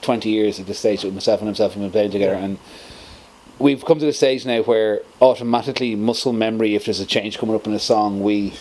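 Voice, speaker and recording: Middle-aged male musician, animated storyteller. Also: fairly low pitch, fast talker. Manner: animated storytelling, laughs often. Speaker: band guitarist. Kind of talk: casual interview chat.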